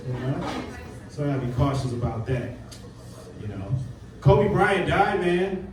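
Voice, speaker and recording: A man's voice: fairly high pitch, animated, moderate pace, long pauses, crowd noise. A man from Detroit doing stand-up, with a loose, conversational delivery and frequent asides like "you know" and "man". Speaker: stand-up comedian. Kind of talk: stand-up set. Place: comedy club stage with a live audience. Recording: roomy live club sound, audience laughter, from far off.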